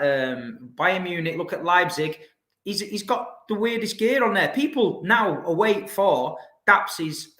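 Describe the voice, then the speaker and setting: A male guest tells anecdotes in an easy, chatty way, with a slightly raised pitch. His voice comes through a roomy, echoing space. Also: fairly bright tone. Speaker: podcast guest. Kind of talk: casual chat. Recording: roomy echo.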